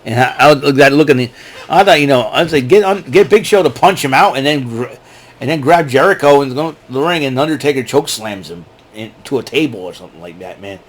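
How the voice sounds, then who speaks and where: A man with a medium-pitched voice, going a little fast, reviews a wrestling show in a loose, rambling style. He's animated and often laughs at what he says.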